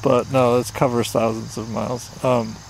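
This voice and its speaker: A man's voice: medium pitch, flat delivery, moderate pace, vocal fry, slight background noise, poor audio. Wry, dry-humored man co-hosting. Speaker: podcast co-host. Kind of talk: casual conversation.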